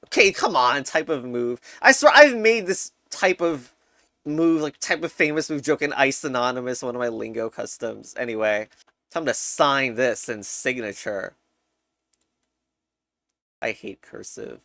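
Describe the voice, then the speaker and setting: A man's voice: medium pitch, expressive, a little slow, vocal fry, bright, forceful tone, dry recording. A young man casually commenting while solving crosswords, thinking aloud, muttering and laughing often. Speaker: puzzle game streamer.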